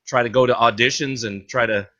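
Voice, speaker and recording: A man hosting an interview, asking rambling questions full of pauses and restarts. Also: medium pitch, fairly even intonation, a bit bright. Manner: halting, many fillers and restarts. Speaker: interview host. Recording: dull lo-fi audio.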